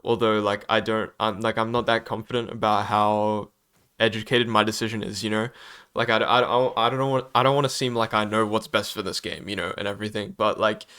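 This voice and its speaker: A man's voice: lowish voice, steady tone, fairly quick, pushed and bright, smooth. A young man giving an unscripted opinion vlog about a game, hesitant and apologetic, stammering often and using many fillers. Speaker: gaming YouTuber.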